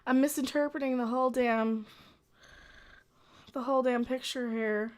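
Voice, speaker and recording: A woman's voice: high-pitched, fairly even intonation, normal speed, long pauses. A woman hosting her own late-night internet show, rambling in a playful, cheeky way and often breaking off mid-sentence to restart. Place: home in Las Vegas.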